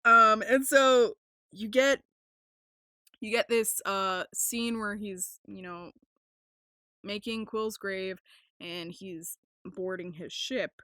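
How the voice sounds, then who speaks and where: A young woman hosting a casual podcast, rambling with lots of fillers, swearing freely and getting excited. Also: medium pitch, takes it slowly, long pauses, dry recording, clean studio sound. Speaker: podcast host.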